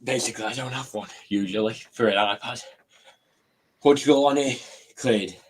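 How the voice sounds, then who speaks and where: Male guest co-commentator, excitable, quick match calls, casual chat. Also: mid-range voice, husky.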